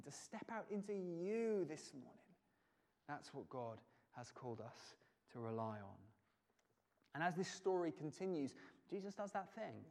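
A man preaching a sermon, earnest, moving between loud urging and soft, intimate passages. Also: sits high. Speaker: pastor. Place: church hall. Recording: long reverb of a church hall.

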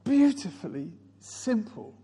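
A man's voice: high voice, very animated, slow, dark tone, breathy edge, long reverb tail. A male pastor preaching a sermon, telling stories and mimicking other people's voices.

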